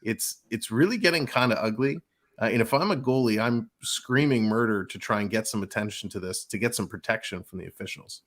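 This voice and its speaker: Brief: male co-host, even-toned, frustrated, matter-of-fact. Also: lowish voice, fairly quick. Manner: steady, frustrated critique. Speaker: hockey show co-host. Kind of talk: casual sports chat.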